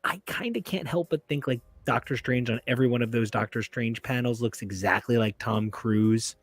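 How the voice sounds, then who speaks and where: A man's voice: mid-range voice, moderate pace, dry recording. A man co-hosting a casual comic book podcast, joking and riffing on asides. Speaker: podcast co-host. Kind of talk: casual chat.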